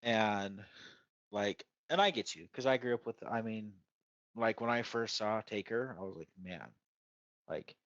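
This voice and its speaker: A man's voice: fairly low pitch, moderate pace, a bit bright, no echo, highs cut off. A man co-hosting a casual wrestling chat, rambling with lots of fillers and restarts. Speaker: podcast co-host.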